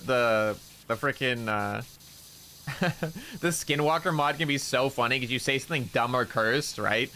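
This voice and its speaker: His voice a little high, pushed and bright, a man on a gaming stream rambles casually through funny stories. He's a laughing storyteller who swears heavily.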